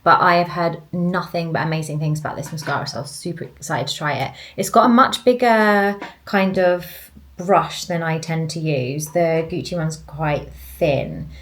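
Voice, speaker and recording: A young woman talks in a relaxed, rambling way, her voice sitting a little low for a woman. She chats casually to a handheld camera at home and keeps reaching for "like" as she goes. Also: normal speed, few pauses. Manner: chatty and rambling, fills with "like". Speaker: vlogger. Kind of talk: casual vlog chat to camera.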